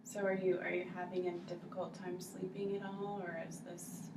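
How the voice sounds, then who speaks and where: Calm woman counselor, roomy distant sound. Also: on the low side, moderate pace. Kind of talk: counseling session. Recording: roomy, far mic, clear background noise.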